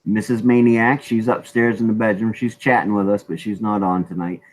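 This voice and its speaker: A man's voice: on the low side, steady tone, normal speed, a little mellow, rough recording. A man hosting a casual live stream chat in a laid-back way, laughing often, with a Maine accent.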